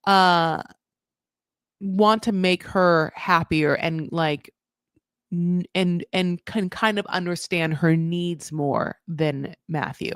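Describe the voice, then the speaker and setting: A woman's voice: lowish voice, slow pace, clear, resonant tone, no echo, clean studio sound. A woman hosting a casual reality TV recap, chatty and swearing freely as she acts out what people said.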